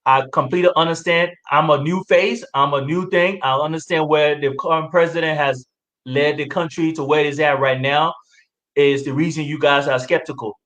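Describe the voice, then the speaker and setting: A man running for president answering interview questions in a halting way, with many pauses and fillers. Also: a little high, steady tone, a bit bright, rough recording. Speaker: presidential candidate.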